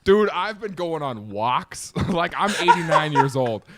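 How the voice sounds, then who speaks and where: A young man, a comedian guest on a video call, telling stories in a casual, animated way and often laughing. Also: on the high side, a little slow, noisy background. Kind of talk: casual storytelling chat.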